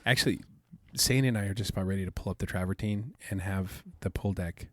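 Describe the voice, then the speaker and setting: Laid-back podcast host man, low voice. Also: a little fast, a bit bright, no room sound, clean studio sound. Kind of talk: casual chat.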